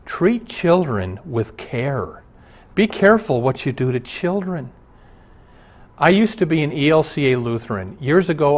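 A middle-aged male pastor delivering a broadcast sermon, earnest and emphatic, his intensity rising and falling. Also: on the high side.

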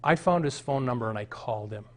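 A man's voice: mid-range voice, lively intonation, fast. A middle-aged man from the American Midwest, a pastor preaching a sermon, moving from a read-aloud passage to emphatic, rising points.

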